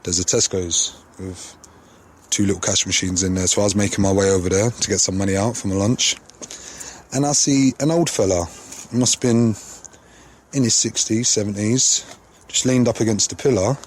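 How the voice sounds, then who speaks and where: A man's voice: lowish voice, fairly even intonation, moderate pace, slightly rough. A man telling a casual anecdote, full of slang and swearing. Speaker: storyteller.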